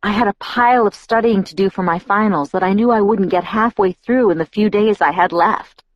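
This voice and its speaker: A woman reading an audiobook aloud in the first person, with an even, wry, reflective delivery. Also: mid-range voice, fairly quick, no echo. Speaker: audiobook narrator. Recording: dull lo-fi audiobook recording.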